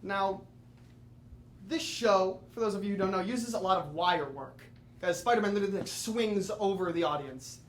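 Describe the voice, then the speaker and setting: A man's voice: high-pitched, normal speed. Teen guy doing a solo comedy bit for a crowd, echoey room, faint hiss. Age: teens. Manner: lively comic storytelling with asides to the audience. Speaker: student performer. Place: theatre or classroom with audience.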